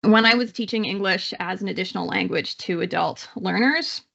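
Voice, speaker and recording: A woman's voice: medium pitch, normal speed, vocal fry, fairly bright tone, highs cut off. A woman with a Canadian accent giving a live online psychology lecture in a conversational way, with many fillers and restarts. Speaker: psychology instructor.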